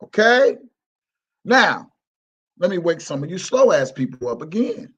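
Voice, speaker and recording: A man's voice: high-pitched, very animated, measured pace, a bit bright, breathy edge, dull audio. A man hosting a livestream, ranting in a mocking, repetitive, profane way. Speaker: livestream host. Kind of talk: heated livestream rant.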